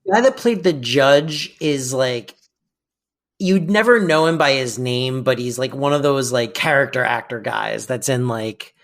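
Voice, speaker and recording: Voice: mid-range voice, lively intonation, measured pace. A podcast co-host chatting casually about a sitcom episode, rambling through favorite scenes and laughing at the jokes. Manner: rambling, acts out quoted lines and laughs at them.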